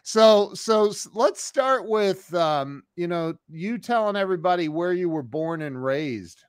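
A man's voice: sits high, expressive, measured pace, clear, resonant tone, dry recording, studio quality. A man hosting a casual interview, stammering through restarts and laughing often. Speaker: podcast host.

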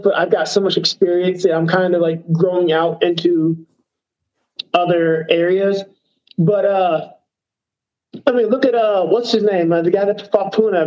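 This professional fighter's voice sits high with a darkish tone, and the audio sounds dull. Interviewed casually, he rambles along, full of fillers and self-deprecating jokes.

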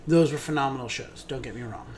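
A man's voice: mid-range voice, fast, a little mellow, slight background noise. A man co-hosting a theater podcast, gushing enthusiastically about shows in casual chat, with many ums.

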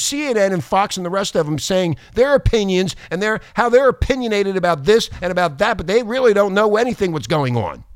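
A man's voice: high voice, no echo, clean studio sound. A man hosting a talk radio show, ranting angrily with profanity and mocking sarcasm. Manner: angry, profane, combative ranting.

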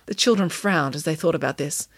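A woman narrating a children's story audiobook in an expressive, animated way. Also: low voice, brisk, no room sound, clean studio sound.

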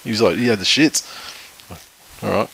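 A man's voice: on the low side, normal speed, vocal fry, fairly bright tone, a little hiss or hum, poor audio. A man with an Australian accent co-hosting a casual sports chat, rambling and swearing freely with blunt opinions. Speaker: podcast co-host.

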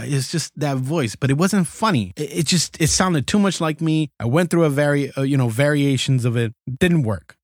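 A man's voice: medium pitch, no echo, clean studio sound. A man hosting a comedy show, talking casually to listeners and explaining how he came up with his characters. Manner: chatty, explaining. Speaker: host.

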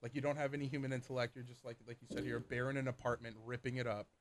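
A man's voice: mid-range voice, level tone, slight background noise. A young man co-hosting a podcast, riffing on ideas, asking questions and laughing readily in casual chat. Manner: quick to laugh, riffs on ideas, asks questions. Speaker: podcast co-host.

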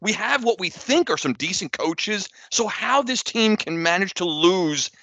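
A man co-hosting a casual sports podcast, venting in an animated, exasperated way. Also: sits high, measured pace, dry recording. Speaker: podcast co-host.

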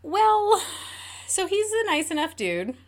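A woman's voice: very high voice, sing-song, slow pace. A woman co-hosting a casual podcast, telling dating stories animatedly, giggling often and full of fillers. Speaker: podcast co-host.

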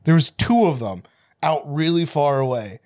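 Rambling man, slightly higher voice. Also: expressive, moderate pace, darkish tone, no echo, studio quality. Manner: rambling, filler-heavy storytelling with lots of "like". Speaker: podcast co-host. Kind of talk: casual chat.

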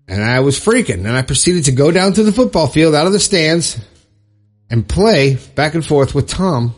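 A middle-aged man from Florida hosting a podcast, telling a personal story in a heartfelt, halting way with pauses and restarts. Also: on the high side, very animated, husky, faint music behind. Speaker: podcast host.

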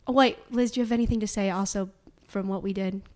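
A woman's voice: mid-range voice, steady tone, fast talker. A woman in her twenties hosting a casual podcast chat, talking freely and laughing often as she goes. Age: 20s. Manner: chatty, laughs often, self-described dark sense of humor. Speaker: podcast host.

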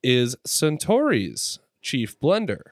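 A man's voice: medium pitch, wildly swooping pitch, slow pace, dry recording. A man co-hosting a casual whiskey-tasting podcast, cracking dry, teasing jokes. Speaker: podcast co-host.

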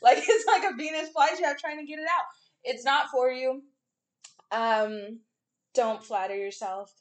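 Young woman podcast co-host, fairly high voice, blunt and animated, acts out quotes. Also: measured pace. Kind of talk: casual chat.

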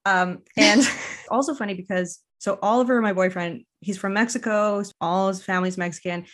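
A woman's voice: mid-range voice, steady tone, normal speed. A woman from Quebec co-hosting a podcast, chatting casually with many "like"s and frequent laughter. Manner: chatty, lots of "like", laughs often. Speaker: podcast co-host. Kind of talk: casual chat.

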